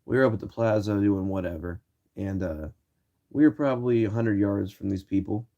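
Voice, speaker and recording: A young man from Ohio, a streamer telling loose, profane stories to his viewers in casual chat and acting out shouted lines. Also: lowish voice, moderate pace, muffled recording. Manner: loose, swearing, acts out quoted shouts. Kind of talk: casual storytelling.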